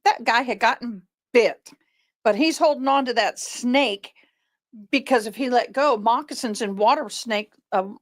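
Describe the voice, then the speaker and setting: A woman's voice: on the high side, a little slow. A woman chatting on a video call from home, telling a story and acting out the people in it. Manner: animated storyteller who acts out quoted people. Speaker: live-stream co-host. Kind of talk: casual video chat. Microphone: video call webcam.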